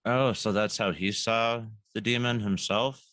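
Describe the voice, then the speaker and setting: A man's voice: lowish voice, steady tone, a little slow, a bit bright, dry recording. A man on a podcast, asking curious follow-up questions about a show in casual chat. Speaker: podcast co-host.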